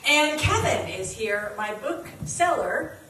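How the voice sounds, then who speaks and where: A woman's voice: on the high side, sing-song, slow, sharp tone. A woman minister making church announcements and leading a prayer, chatty and playful, laughing often. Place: church sanctuary. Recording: echoey church hall from far off, faint noise.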